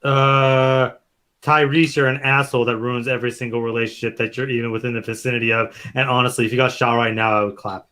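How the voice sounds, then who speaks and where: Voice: mid-range voice, level tone, fast talker, pushed and bright. A podcast co-host chatting casually in a blunt, sarcastic, profane way. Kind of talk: casual chat.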